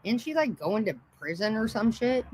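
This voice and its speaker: A woman's voice: a little high, sing-song, normal speed, a little mellow, slightly rough, rough recording. A woman ranting on a casual livestream, profane, mocking and combative. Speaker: livestream host.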